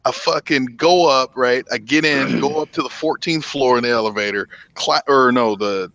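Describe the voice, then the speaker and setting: A man's voice: mid-range voice, moderate pace, no room sound, dull audio. A middle-aged man telling a long profane story in casual chat, acting out the quotes. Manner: profane, animated, acts out quotes. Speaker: podcast host.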